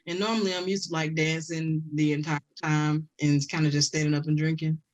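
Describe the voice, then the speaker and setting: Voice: mid-range voice, a little fast. A podcast co-host telling casual stories with lots of laughter. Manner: animated storytelling, laughs often. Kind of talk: casual chat.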